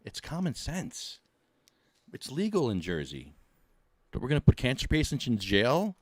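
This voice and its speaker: A man's voice: mid-range voice, wildly swooping pitch, normal speed, slightly rough, no room sound. A man hosting a podcast in casual chat, jokey and laughing as he talks in bursts. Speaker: podcast host.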